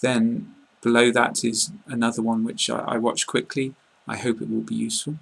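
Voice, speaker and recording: A man with a southern English received-pronunciation accent explains pronunciation to learners. His voice is strongly gravelly and somewhat husky. He speaks in an even, flat tone, calmly and plainly, filling his pauses with ums and uhs. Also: medium pitch. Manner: calm, plain explaining with frequent fillers. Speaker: English teacher. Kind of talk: online lesson.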